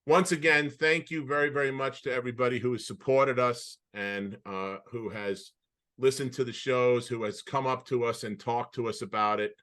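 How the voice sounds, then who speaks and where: A man with a bright, forceful voice co-hosts a casual podcast over a video call. He spins animated anecdotes, often stopping and restarting mid-sentence as he goes. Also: mid-range voice, normal speed. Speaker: podcast co-host. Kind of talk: casual storytelling chat.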